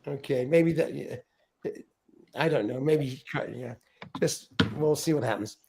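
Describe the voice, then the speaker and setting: A man's voice: mid-range voice, unhurried, creaky, background noise. A middle-aged man hosting a livestream in a casual chat, reading viewer comments aloud, laughing often and tripping over his words. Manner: chatty, laughs often, stumbles and repeats words. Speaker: livestream host.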